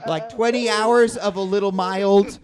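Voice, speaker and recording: A man performing a stand-up comedy set on a club stage, telling a story with sudden shouted outbursts. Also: high voice, steady tone, unhurried, crowd noise. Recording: live audience in a club.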